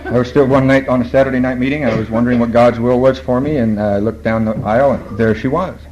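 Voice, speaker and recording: A man's voice: mid-range voice, fairly even intonation, quick pace, highs cut off, background noise. Man telling his recovery story. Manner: storytelling, laughs at his own lines, quotes people. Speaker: AA speaker. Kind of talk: recovery talk at a meeting.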